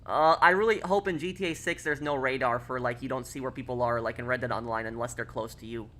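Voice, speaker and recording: While streaming a game, a fast-talking man chats casually with viewers and reads chat aloud, full of fillers and restarts. He has a mid-range voice with a sharp tone, and there's a little hiss or hum.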